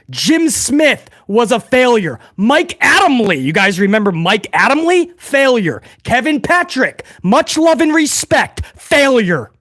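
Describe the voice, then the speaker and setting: A man's voice: very high-pitched, fairly bright tone, dry recording, studio quality. A man hosting a wrestling news channel, talking casually and bluntly to his viewers and calling them guys. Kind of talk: casual opinionated commentary to viewers.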